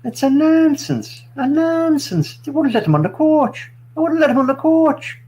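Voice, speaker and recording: A man does a quarrelsome Southern Irish bloke in a put-on accent. His voice sits high and leaps around. He repeats his threats over and over with comic bluster. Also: lively intonation, moderate pace, darkish tone, poor audio. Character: hot-headed Irish man threatening to throw punches.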